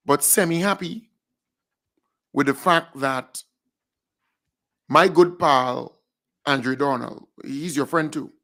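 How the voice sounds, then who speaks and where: A man co-hosting a live online talk show, chatting easily with pauses and asides. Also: on the high side, pushed and bright. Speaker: co-host. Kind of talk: casual live chat.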